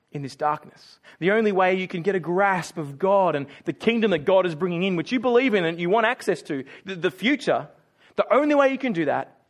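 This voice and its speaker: Middle-aged man, high voice, chatty pastor giving a sermon. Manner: conversational, self-deprecating humor. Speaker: preacher.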